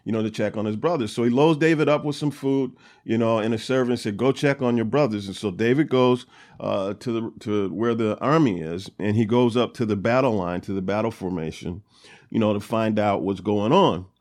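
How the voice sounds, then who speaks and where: Brisk and lowish, with a darkish tone, this man hosts a Bible study. He reads verses out loud and then recasts them in an easygoing, conversational style full of fillers.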